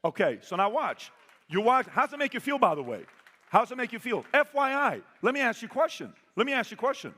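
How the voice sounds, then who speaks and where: A man's voice: extremely high pitch, very animated, a little fast, pushed and bright. A man giving a motivational talk over video clips, emphatic and repeating questions to his audience. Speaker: motivational speaker. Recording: long hall reverb.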